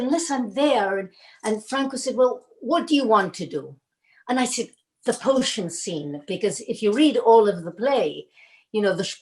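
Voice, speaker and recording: An older woman, an actress, recounting her early career in a rambling, animated way, acting out the lines she quotes. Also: fairly high pitch, poor audio. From Argentina. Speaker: actress telling career stories. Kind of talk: casual storytelling.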